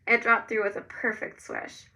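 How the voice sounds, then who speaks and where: A woman narrating a first-person novel in a gentle storytelling manner. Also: a little high, little pitch movement, moderate pace, distant mic, low-quality recording. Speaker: audiobook narrator.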